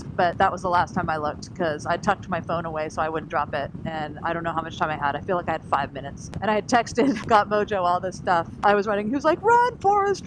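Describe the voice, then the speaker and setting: A woman vlogging from her scooter while riding, telling a story in a lively way, acting out what people said and laughing often. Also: sits low. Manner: animated, laughing, acts out quotes. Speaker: scooter rider vlogging on the road. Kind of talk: casual storytelling vlog. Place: on a scooter on the open road. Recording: wind and engine noise.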